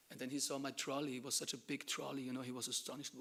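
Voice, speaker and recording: A man from Germany, giving an animated devotional class talk and dropping to hushed asides. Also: medium pitch, fast talker, creaky, hardly any pauses. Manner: animated storytelling, acts out dialogue, drops to hushed asides. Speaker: temple lecturer.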